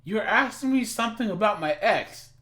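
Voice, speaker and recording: A man's voice: high-pitched, expressive, normal speed, a bit bright, pitched above the performer's own voice. A man voicing an eager young teenage girl while reading out an online chat. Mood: chatty.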